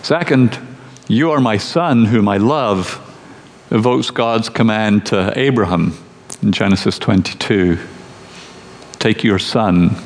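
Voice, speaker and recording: A man delivering a sermon in a measured, emphatic teaching voice. His voice sits fairly low. A long reverb trails his words, as in a large church hall, with a faint hiss underneath. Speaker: preacher.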